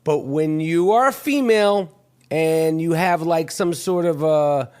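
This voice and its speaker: A man hosting a podcast, ranting in a loud, mocking, profane comic style. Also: a little high, unhurried. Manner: loud, mocking, heavy cursing. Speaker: podcast host.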